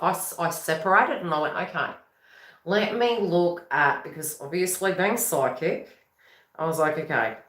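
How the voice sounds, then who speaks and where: A woman, a psychic reader, talking casually to camera in a rambling, chatty way, breaking into quick laughs. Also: medium pitch, bright, forceful tone, roomy sound. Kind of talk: casual spiritual talk to camera.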